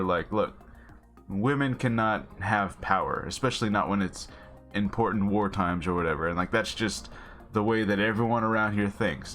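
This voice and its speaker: Rambling low-voiced man recapping a show. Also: fairly bright tone. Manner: rambling, filler-heavy, chuckling asides. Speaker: TV show reviewer. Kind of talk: casual recap commentary.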